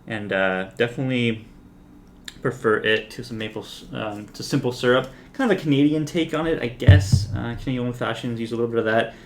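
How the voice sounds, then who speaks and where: A man's voice: medium pitch, fairly quick, a little hiss or hum. Laid-back man reviewing whiskey. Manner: relaxed, frequent "like" and "um" fillers. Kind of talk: casual review talk.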